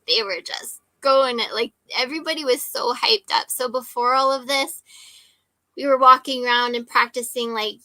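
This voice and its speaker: A woman's voice: fairly high pitch, gravelly, bright, forceful tone, dry recording. A woman in her forties telling a personal story in a casual, emphatic way, with lots of "like" and "right?" tags.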